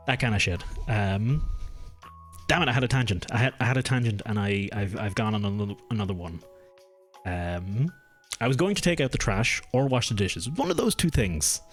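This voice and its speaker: A man's voice: mid-range voice, animated, fairly quick, soft background music. A young man streaming from home, chatting casually with his viewers, rambling and restarting his sentences as he goes off on tangents. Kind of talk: casual live-stream chat. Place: home room.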